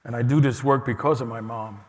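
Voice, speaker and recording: A man's voice: mid-range voice, fairly even intonation, fairly quick. A man from New York City with a New York accent, giving a casual, personal conference keynote with frequent restarts. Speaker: keynote speaker. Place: large conference hall. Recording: reverberant hall.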